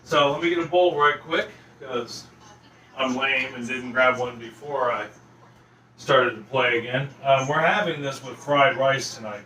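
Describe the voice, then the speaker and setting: A man's voice: mid-range voice, fairly even intonation, a little slow, sharp tone, slight background noise. Folksy man rambling in his kitchen. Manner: rambling, filler-heavy, folksy. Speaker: home cooking vlogger. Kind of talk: casual cooking vlog chat. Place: home kitchen.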